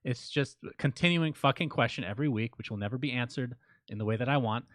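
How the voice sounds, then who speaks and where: A man co-hosting a laid-back podcast, trading deadpan jabs with his partner. His voice sits at an ordinary middle pitch, recorded close and dry with no room sound. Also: fast, dry recording. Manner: dry teasing, deadpan ribbing; reads listener names out as shout-outs. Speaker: podcast co-host. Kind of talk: casual podcast banter.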